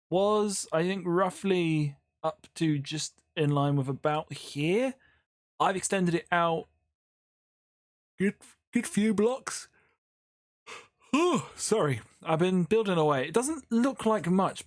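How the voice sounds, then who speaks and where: While building in a sandbox game, this YouTuber keeps up casual Minecraft commentary that rambles and often breaks off mid-thought. The voice is mid-range, captured in studio quality with no room sound.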